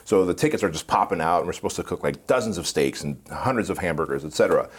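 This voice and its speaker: A man guest in an interview, telling animated stories and laughing often. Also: sits low, fast, slightly rough. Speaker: podcast guest. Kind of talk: casual storytelling interview.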